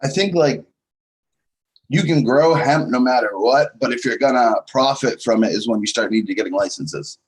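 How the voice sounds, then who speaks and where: Man, panelist, casual, offhand, husky voice. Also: medium pitch, moderate pace, low-quality recording. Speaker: co-host or panelist. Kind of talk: casual chat.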